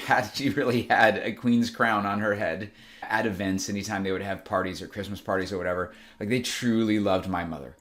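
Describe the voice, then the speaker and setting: Podcast host, man in his fifties, lowish voice; earnest, lively storytelling with chuckles and self-corrections. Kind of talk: casual storytelling monologue.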